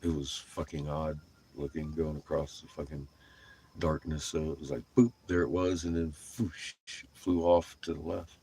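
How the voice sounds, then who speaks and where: A deep-voiced middle-aged man with a husky, slightly rough tone tells a loose, rambling story about his trip. He swears freely and keeps breaking into laughter as he talks. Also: little pitch movement, normal speed, mellow. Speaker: vlogger. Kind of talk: casual storytelling.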